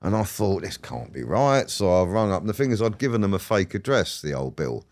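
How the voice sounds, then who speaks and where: Deep-voiced man telling stories. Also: sing-song, fairly quick, darkish tone. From England. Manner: rambling, swears freely, laughs while telling stories. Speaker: guest. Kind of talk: casual storytelling interview.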